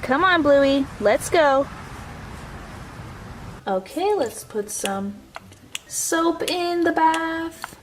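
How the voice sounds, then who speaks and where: A woman narrating toy pretend play in a gentle, motherly, instructive way. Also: sits high, expressive, extremely slow, long pauses, slight background noise.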